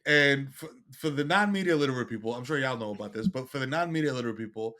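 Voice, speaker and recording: A man's voice: medium pitch, expressive, quick pace, bright, forceful tone. A man, a podcast guest, telling stories in a casual, slangy way, swearing often and putting on other people's voices. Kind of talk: casual chat.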